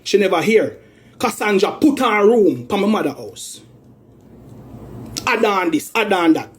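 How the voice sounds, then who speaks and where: A Jamaican man with a high-pitched voice delivers a heated rant in thick patois. He sounds aggrieved and accusing, circling back over the same points again and again. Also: lively intonation, measured pace. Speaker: man airing a family dispute.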